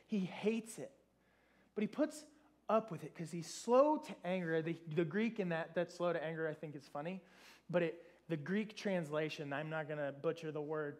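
A man with a notably high voice preaches a sermon to a room. He talks casually and animatedly, acting out dialogue and tossing in playful asides as he goes.

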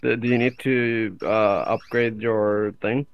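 A man's voice: mid-range voice, level tone, a little slow, muffled recording. A man chatting along as co-player in a horror game video, wry, joking and laid-back. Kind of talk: casual gameplay chat.

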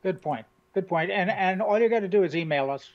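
An easygoing man co-hosting a relaxed chat, with a voice on the higher side. The recording is dull and lo-fi. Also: fast. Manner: easygoing, laughs along. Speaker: co-host. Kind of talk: casual chat. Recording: dull lo-fi sound.

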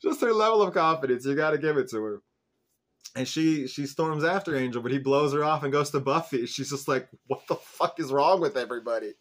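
A man of middle pitch talks through a TV episode in a loose, chatty recap. He fills his sentences with "like" and "um" and keeps the retelling lively and conversational, never scripted. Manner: chatty, peppered with "like" and "um", animated retelling. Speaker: show host reviewing an episode.

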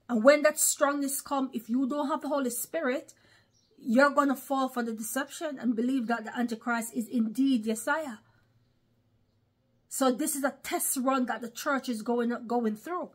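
A woman's voice: on the high side, moderate pace. A woman giving religious commentary in an online vlog, speaking emphatically and often addressing her listeners as brothers and sisters. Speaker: online preacher.

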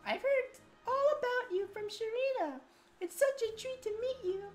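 A woman playing a sweet high-voiced queen mother. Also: moderate pace, faint music behind. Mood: gracious. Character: gentle regal mother queen, soft and warm. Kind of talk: gameplay voice-acting.

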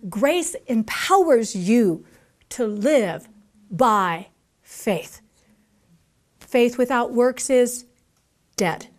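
Brief: woman preacher, bright high voice, emphatic, hammers phrases home. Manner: emphatic, repeats key phrases, acts out quoted voices; slows down to stress scripture lines. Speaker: mother. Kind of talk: conference sermon.

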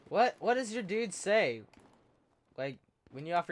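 Excitable, lively-voiced man commentating a game. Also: on the high side, measured pace, pauses often. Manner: excitable, swears and yelps at the game; joking, self-mocking asides. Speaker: gameplay commentator. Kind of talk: live video game commentary.

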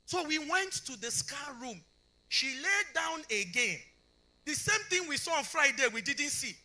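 Unhurried yet animated, a middle-aged Nigerian conference speaker with a bright, forceful voice tells her testimony as a sermon. Her pitch moves widely as she acts out every voice in the dialogues, and she keeps asking the congregation whether they are following.

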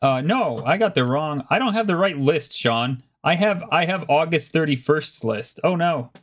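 A man co-hosting a casual gaming podcast, talking in an animated, rambling way that keeps starting over. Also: normal speed. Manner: animated, rambling, self-interrupting, pitch jumps up when excited. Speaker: podcast co-host. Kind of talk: casual chat.

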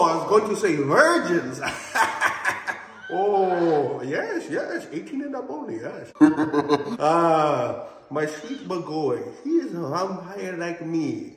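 A man playing a campy fanged male vampire lord with a put-on vampire accent, theatrical and cackling, outdoors on a ranch. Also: high voice. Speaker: wildlife ranch owner. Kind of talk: comedic in-character vlog.

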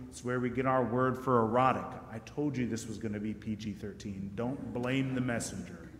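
A man's voice: mid-range voice, fairly even intonation, normal speed, hardly any pauses, slight background noise. A man giving a sermon as guest preacher, in a conversational, joking way and putting questions to the congregation. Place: church sanctuary. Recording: echoey church hall.

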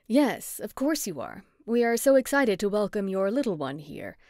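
A woman's voice: medium pitch, sing-song, normal speed, darkish tone, no echo, studio quality, natural voice. A woman voicing a nervous, polite female preschool director in an audiobook. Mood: eager.

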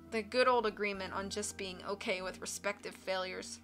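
A woman reading a book aloud on a live stream, with expressive narration and casual asides to her chat. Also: medium pitch, moderate pace, faint music behind.

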